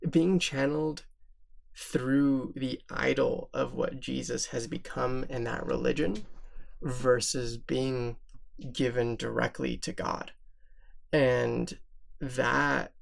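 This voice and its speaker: A man co-hosting a spiritual podcast, speaking in a searching, deliberate way. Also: medium pitch, steady tone, gravelly. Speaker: podcast co-host. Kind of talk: reflective spiritual podcast talk.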